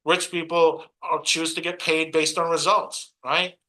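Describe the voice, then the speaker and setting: Punchy, bright-voiced Brooklyn man preaching. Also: on the high side, flat delivery, a little slow, rough recording. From Brooklyn, New York. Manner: preachy, punchy, mocks others in put-on asides. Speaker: motivational speaker. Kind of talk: motivational stage talk.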